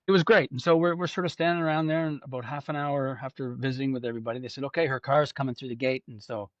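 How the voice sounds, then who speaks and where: A man's voice: medium pitch, dry recording, highs cut off. A man from Canada, a musician guest telling a long anecdote in casual chat, acting out the voices of the people in it. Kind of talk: casual storytelling.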